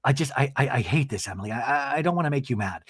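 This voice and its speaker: A man doing a timid, soft woman who stammers and hesitates. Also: mid-range voice, animated, quick pace, slightly rough.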